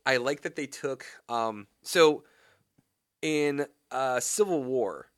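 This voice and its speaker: A young adult male radio host talks slowly in a clean tone, his casual chat turning into animated rants that get louder and higher as they go. The studio-quality sound has no echo.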